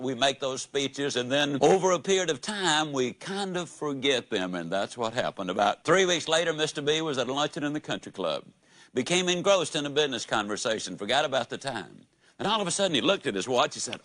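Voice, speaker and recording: An animated male motivational speaker tells a story in a mid-range voice. He swings between loud and hushed and between rising and falling pitch as he builds each beat. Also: fairly quick.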